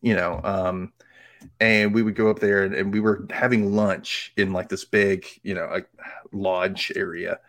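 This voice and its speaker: A man's voice: deep voice, little pitch movement, a little slow, a bit bright. A man from Mississippi with a light Southern accent and theater-trained diction, rambling through stories with lots of fillers as a podcast guest. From Mississippi, USA. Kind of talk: casual chat.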